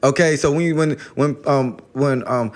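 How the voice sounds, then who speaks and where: A man's voice: mid-range voice, measured pace. A man talking casually about spirituality as a guest, rambling and slangy, often repeating words as he starts a thought.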